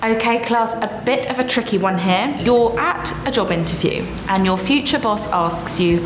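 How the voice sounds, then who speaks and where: Woman playing a brisk etiquette teacher. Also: on the high side, echoey room, background noise. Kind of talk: sketch comedy acting.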